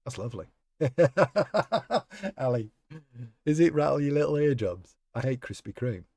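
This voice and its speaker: A man chats casually while streaming a game, rambling and calling viewers by name. His voice is mellow and its pitch moves freely, recorded dry and close. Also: expressive, fairly quick, gravelly, no echo. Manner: rambling, chatty, talks to chat members by name. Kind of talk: casual live-stream chat while playing.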